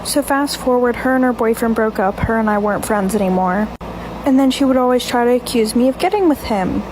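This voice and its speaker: A young woman with a high voice tells personal stories in a casual story-time format. She is candid and blunt and swears without hesitation. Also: a little fast, background noise.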